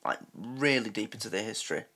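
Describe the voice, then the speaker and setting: A man's voice: on the low side, fast talker, bright, forceful tone. An English man hosting a reaction video, making sarcastic, swearing comments and laughing at his own jokes. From England.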